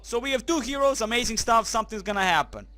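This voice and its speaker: A man giving crude, joking, excitable commentary while playing a video game, now and then crying out German phrases. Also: very high-pitched, quick pace, dry recording, faint music behind. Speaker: gaming commentator. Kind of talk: let's play commentary.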